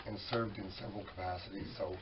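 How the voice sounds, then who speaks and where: A man's voice: low voice, fairly even intonation, fast, background noise. A man with a weak voice, chatting folksily as master of ceremonies at a library dedication, correcting himself as he goes. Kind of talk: public ceremony announcements. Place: library at a public dedication event. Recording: distant, dull event recording with crowd.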